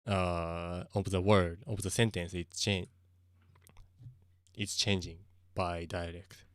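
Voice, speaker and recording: A man's voice: low voice, level tone, slow pace, fairly bright tone, smooth, no room sound, clean studio sound. A young Japanese man streaming casually, speaking English with a Japanese accent, hesitant and often searching for words, slipping into Japanese. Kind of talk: casual live-stream chat.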